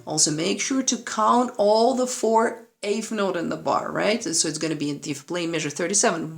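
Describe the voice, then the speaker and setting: This play-along lesson comes from a patient woman piano teacher in a room with a piano, which plays behind her. Her voice sits on the low side with vocal fry, at normal speed and with hardly any pauses; she counts and sings rhythms while demonstrating and keeps checking in with "right?".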